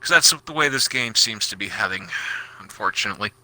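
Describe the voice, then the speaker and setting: A man's voice: lowish voice, expressive, fairly quick, sharp tone, no room sound. A man co-hosting a casual gaming podcast, cracking crude, sardonic jokes. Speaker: podcast co-host.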